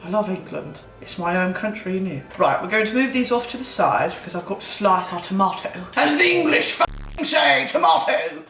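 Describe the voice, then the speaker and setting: A woman's voice: mid-range voice, lively intonation, moderate pace, fairly bright tone, soft background music. A young woman in her twenties hosting a comedic cooking vlog, putting on a playful mock English accent with cheeky, profane, self-mocking asides. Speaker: host. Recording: echoey room, mic at a distance.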